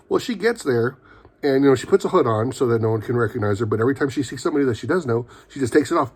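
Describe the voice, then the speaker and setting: Man, casual show reviewer, rambling, lots of fillers, mid-pitched voice. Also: big pitch swings, quick pace, darkish tone, slightly rough. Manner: rambling, full of fillers and mock quotes. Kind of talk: casual episode recap.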